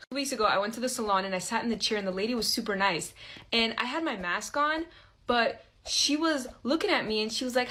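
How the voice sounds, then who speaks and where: A woman's voice: fairly high pitch, poor audio. Chatty young woman telling a storytime. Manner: chatty and expressive, quick asides to viewers. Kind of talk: casual storytime narration.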